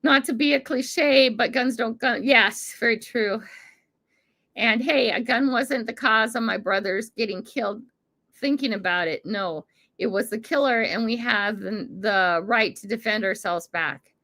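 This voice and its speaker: A woman's voice: fairly high pitch, unhurried, pushed and bright. An older American woman hosting a livestream, chatting casually with viewers and laughing often. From United States. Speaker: livestream host reading chat. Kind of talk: casual chat.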